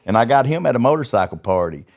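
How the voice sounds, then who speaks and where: A man's voice: mid-range voice, very animated, fast talker, creaky, a crowd in the background. A middle-aged man, a podcast guest telling his life story in a folksy way and often repeating words. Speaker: podcast guest, recovery ministry founder. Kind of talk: casual testimony storytelling.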